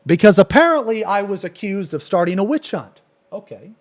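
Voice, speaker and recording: A man on a live stream, ranting in anger and cursing as he reacts to a clip. His voice sits high and moves widely in pitch. He loops back to the same insults and phrases. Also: sing-song, brisk. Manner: angry, profane, repetitive ranting.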